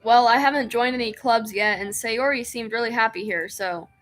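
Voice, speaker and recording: A woman's voice: fairly high pitch, normal speed, a bit bright, faint music behind. A woman streamer reading a visual novel aloud, narrating in first person and breaking off into giggly, self-mocking asides.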